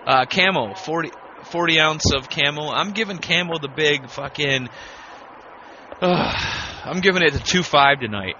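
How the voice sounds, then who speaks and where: A man, his bright, forceful voice cutting through a dull, slightly muffled recording with a faint hiss. He hosts a casual beer-review chat, joking and swearing freely. He sounds laid-back and easy. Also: fairly high pitch, normal speed. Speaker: podcast host. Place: home studio.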